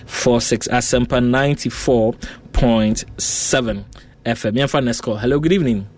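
A man with a Ghanaian accent hosting a radio call-in show, chatting with callers and a guest in a measured way. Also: mid-range voice, a little mellow. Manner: slow, deliberate reading of numbers. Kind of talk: radio call-in chat mixing English and Twi.

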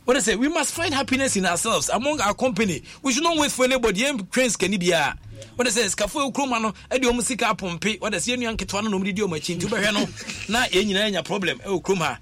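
A man's voice: sits high, lively intonation, fast, a bit bright, a little hiss or hum. A man talking emphatically on a radio panel, repeating phrases as he drives home his points. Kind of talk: animated radio discussion.

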